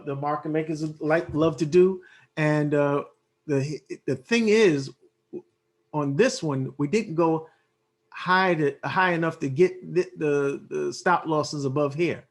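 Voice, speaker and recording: A man walking viewers through trading charts in a casual way, thinking aloud with many fillers and restarts, his voice worn from losing it. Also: fairly high pitch. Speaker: forex trading analyst.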